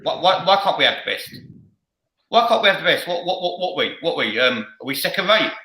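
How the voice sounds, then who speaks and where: A man's voice: a little high, animated, fairly quick, pushed and bright, echoey room, slight background noise, poor audio. A man acting out an indignant male football fan on a rant. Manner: indignant, ranting.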